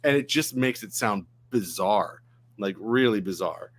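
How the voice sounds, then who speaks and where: A man from Maine, a guest filmmaker, chatting casually and telling a relaxed story. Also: lowish voice, a little slow. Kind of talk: casual chat.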